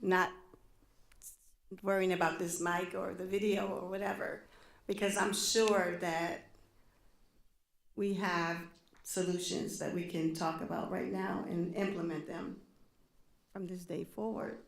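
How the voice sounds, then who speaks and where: A woman speaking in a low, gravelly voice, giving an earnest and conversational talk to a symposium audience. Her delivery stays flat and even. The sound carries the echo of a law school event room. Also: measured pace, long pauses. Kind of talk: public talk. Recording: echoey room.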